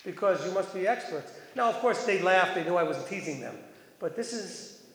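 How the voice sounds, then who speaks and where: This man's sermon is conversational: he reads verses aloud to the congregation and asks them questions as he teaches. His high-pitched, somewhat bright voice is expressive at a moderate pace, and the hall echoes.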